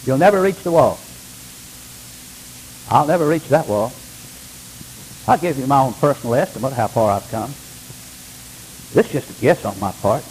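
An older man, a pastor, preaching a sermon with emphatic delivery, dropping to hushed lines and rising to loud ones. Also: medium pitch, slight background noise, rough recording.

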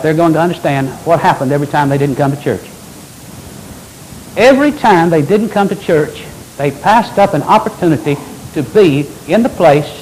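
An older man preaching a sermon as pastor, with animated delivery and folksy asides. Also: fairly high pitch, slight background noise, low-quality recording.

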